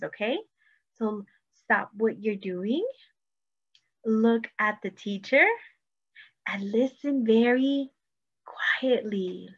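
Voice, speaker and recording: A woman preschool teacher reading a picture book aloud, speaking slowly and encouragingly to young children. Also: a little high, fairly bright tone, dull audio. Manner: slow, sing-song, encouraging teacher talk. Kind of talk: storybook read-aloud lesson.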